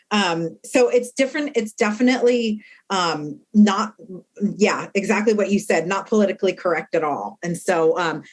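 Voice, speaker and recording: A woman speaking in a conversational interview as a re-entry activist, blunt and animated, acting out what others said. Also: mid-range voice. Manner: blunt, animated storyteller who acts out quotes. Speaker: guest, formerly incarcerated re-entry activist.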